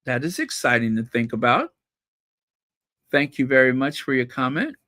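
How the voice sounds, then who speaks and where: A man's voice: medium pitch, very animated, moderate pace, sharp tone, no room sound, studio quality. A man hosting a casual solo gossip vlog, chatting to viewers in a rambling way and repeating words for emphasis. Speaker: royal gossip channel host.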